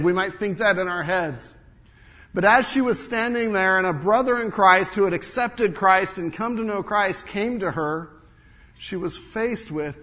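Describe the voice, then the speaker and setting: A middle-aged male pastor preaching with a fairly high voice. He tells stories and swings from raised, emphatic lines down to hushed ones. His voice carries a long reverb from the church hall. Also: moderate pace. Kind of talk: sermon.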